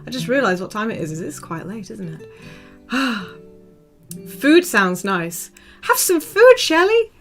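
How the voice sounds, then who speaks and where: A young woman streaming, chatting casually with her viewers, rambling with many ums and soft laughs. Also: medium pitch, lively intonation, slow pace, pauses often, husky. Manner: rambling, frequent ums, soft laughs, talks to chat by name. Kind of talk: casual livestream chat. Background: soft guitar music.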